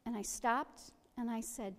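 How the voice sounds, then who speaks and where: A middle-aged woman with a slightly high voice tells a personal story gently and with humor. Her voice carries a long, ringing reverb, as if she were heard in a big hall. She unfolds the tale at an easy storytelling pace. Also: steady tone, a little slow.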